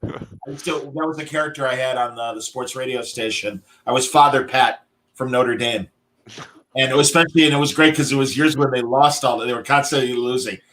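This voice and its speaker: A man co-hosting a podcast in quick, playful, jokey banter. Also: medium pitch, a bit bright, slight background noise. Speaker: podcast co-host. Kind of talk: casual banter.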